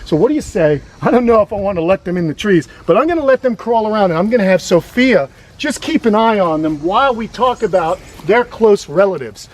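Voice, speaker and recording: A man's voice: high voice, a little mellow. A man hosting a casual educational vlog outdoors on a grassy lawn, explaining reptiles with chatty enthusiasm. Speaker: reptile sanctuary host.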